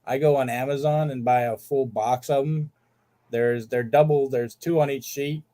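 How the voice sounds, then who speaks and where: A man's voice: medium pitch, fairly even intonation, normal speed, warm tone. A man hosting a live card-sale stream, chatting casually and listing cards as he shows them.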